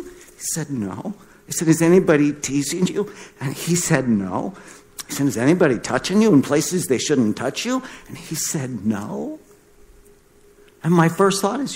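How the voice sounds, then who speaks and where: A middle-aged doctor gives a storytelling lecture in a slightly high voice at a measured pace. He's animated, acting out the voices of the people in his stories.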